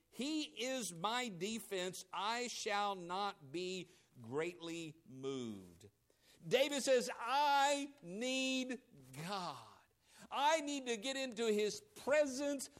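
Here a male pastor gives a sermon that shifts from emphatic, loud delivery to soft, low asides, and he voices the quoted speakers dramatically.

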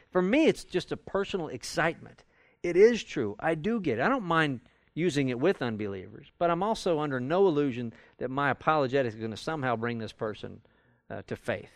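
This man's voice sits on the high side, with no echo. He leads a Bible study class conversationally, acting out the arguments he quotes, and the audio was captured with a live class present.

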